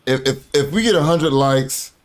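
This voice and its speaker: A man's voice: mid-range voice, moderate pace. A man live-streaming reactions to a video, joking crudely and laughing often. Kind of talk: casual live-stream commentary.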